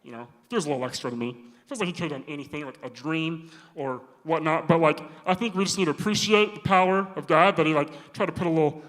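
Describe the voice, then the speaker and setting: A man preaching a casual sermon, slangy and animated, acting out the characters' lines himself. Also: on the high side, fast talker. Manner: slangy, animated, acts out quoted voices. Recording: long hall reverb.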